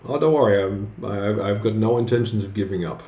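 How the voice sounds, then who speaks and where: A man's voice: lowish voice, fairly quick, dark tone. A man casually chatting on a live art stream, hesitant and full of fillers and restarts. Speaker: streaming artist. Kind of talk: casual live-stream chat while drawing. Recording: roomy with faint background noise.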